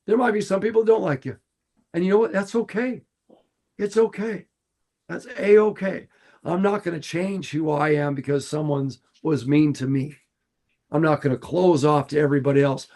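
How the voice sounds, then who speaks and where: A middle-aged man, a fishing guide, talking earnestly and warmly on a podcast, repeating phrases for emphasis. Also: on the high side, steady tone, moderate pace. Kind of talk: casual podcast talk.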